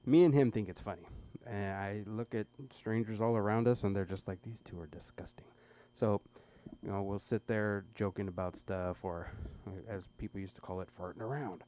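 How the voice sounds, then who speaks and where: A middle-aged man rambles through a stand-up bit, stumbling and restarting as he goes. His voice is dark and mellow, picked up by a stage microphone at a small club. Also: on the low side, fairly even intonation, normal speed, slight background noise. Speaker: stand-up comedian at an open mic. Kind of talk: stand-up set.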